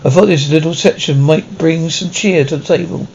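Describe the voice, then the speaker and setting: An actress playing a shy, gentle young gentlewoman of the 1830s in a period drama, talking in a hesitant, apologetic way. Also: sits low, moderate pace, slightly rough, dull audio. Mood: earnest.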